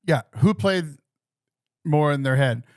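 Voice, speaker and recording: A man co-hosting a podcast, chatting casually and teasing with quick banter. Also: fairly high pitch, lively intonation, clear, resonant tone, dry recording, clean studio sound. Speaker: podcast co-host. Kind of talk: casual chat.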